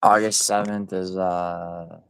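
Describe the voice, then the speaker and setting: Man, livestream host, casual rambling chat with viewers, unhurried delivery, smooth clear voice. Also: low voice, level tone, fairly bright tone. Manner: reads and answers chat viewers by name, loose and rambling.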